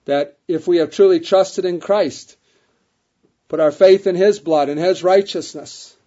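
A man's voice: high voice, a little slow, mellow. A man preaching a sermon, reading King James scripture aloud and repeating key phrases for emphasis. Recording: dull lo-fi recording.

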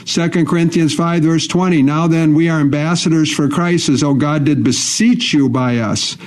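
A man's voice: on the high side, unhurried, hardly any pauses. Man preaching a scripture sermon. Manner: reads and repeats scripture with emphasis.

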